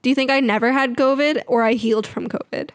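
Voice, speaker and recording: A woman's voice: on the high side, steady tone, quick pace. A young woman vlogging in a chatty, rambling, self-mocking way. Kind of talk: casual vlog chat.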